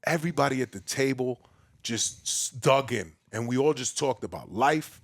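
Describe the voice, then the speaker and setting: A man from the Bronx with a New York accent, a podcast guest telling his story in a big, loud, boisterous way. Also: lively intonation, normal speed, gravelly, no echo, studio quality. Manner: acts out quoted voices with a raised pitch. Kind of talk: casual storytelling conversation.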